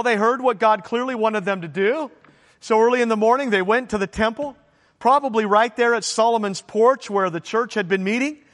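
A man delivers an emphatic sermon, pressing his points with rhetorical questions. His voice sits high for a man. The sound rings with a long reverb, as in a big hall. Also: a bit bright. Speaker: pastor.

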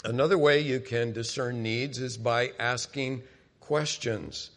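A man's voice: medium pitch, fairly even intonation, measured pace, fairly bright tone. Conversational male pastor in reverberant hall. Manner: conversational, addresses the congregation directly. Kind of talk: sermon.

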